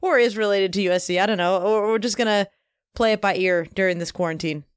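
Smooth-voiced easygoing woman co-host. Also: medium pitch, fast, no room sound, clean studio sound. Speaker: podcast co-host. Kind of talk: casual chat.

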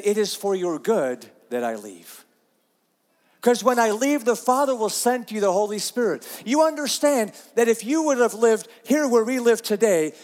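A man's voice: high voice, darkish tone, big-room sound. A man preaching a sermon, earnest and repeating himself, reading scripture aloud. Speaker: pastor.

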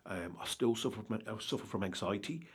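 A man's voice: on the low side, animated, fairly quick, breathy edge. A man who runs a charity, earnestly telling his own story in an interview, rambling and often checking he is understood. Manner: earnest, rambling, keeps asking "do you understand?". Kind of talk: candid personal account in an interview.

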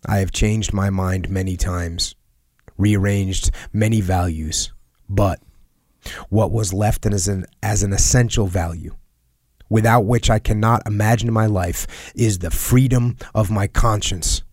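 A man reading a personal letter aloud in a solemn, earnest and measured way, sometimes dropping to a hush. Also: on the low side, steady tone, no echo, studio quality. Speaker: reader of a letter.

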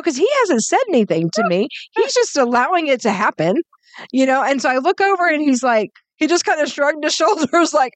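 A woman's voice: high voice, very animated, a little fast, no echo. A woman co-hosting a podcast, telling stories in a casual chat, laughing often and swearing freely. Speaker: podcast co-host.

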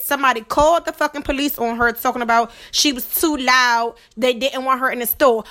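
A woman's voice: high voice, fairly bright tone. A woman podcast host in a heated, profane monologue, tagging her points with "okay?". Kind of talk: ranting monologue to camera.

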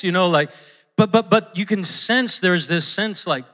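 Bright-voiced male pastor preaching. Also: high-pitched, moderate pace. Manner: conversational, self-interrupting, acts out quotes. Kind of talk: sermon. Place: church auditorium.

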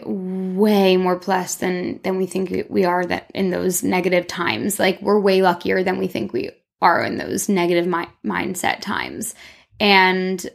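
A woman's voice: on the low side, creaky. A woman hosting a casual solo podcast, talking candidly from her room in a rambling, self-encouraging way with lots of "like.". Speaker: podcast host. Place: her own room, speaking toward a mirror.

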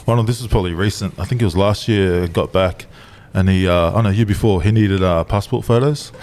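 A man's voice: low voice, fairly quick, a little mellow. A man, co-hosting a podcast and telling a family story in a laid-back way, with lots of fillers. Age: 20s. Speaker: podcast co-host. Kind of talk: casual storytelling chat.

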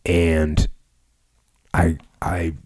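Man, very deep voice, dark mellow tone, casual podcast storytelling, repeats words. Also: little pitch movement, very slow. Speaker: podcast host. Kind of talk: casual chat.

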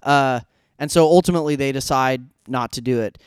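Man, crisp smooth voice, dry close mic, casual podcast chat, animated asides. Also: medium pitch, dry recording. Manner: animated, quick asides, acts out characters' lines. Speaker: podcast co-host. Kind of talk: casual fan discussion.

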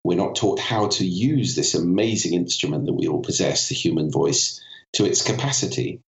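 A man's voice: low voice, moderate pace, creaky, roomy sound, highs cut off. A man with a cold, a voice and communication expert, explaining articulately as a podcast guest and demonstrating vocal effects as he goes. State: has a cold. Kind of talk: explanatory interview talk.

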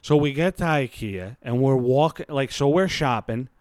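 A man's voice: medium pitch, normal speed, a little mellow, no echo. A man in his thirties hosting a podcast, telling a story in a casual, rambling, self-mocking way full of swearing. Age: 30s. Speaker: podcast host. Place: lying on his bed at home.

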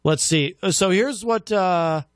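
A man's voice: high-pitched, unhurried, dry recording, studio quality. A man hosting a talk show, goading his guest with casual comedic banter and playful slang.

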